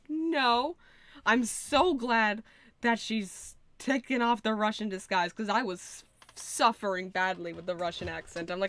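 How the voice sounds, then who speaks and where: A woman streaming a video game playthrough, reacting excitably and gushing about characters. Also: on the high side, slow, pauses often, no room sound. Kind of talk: live game playthrough reading.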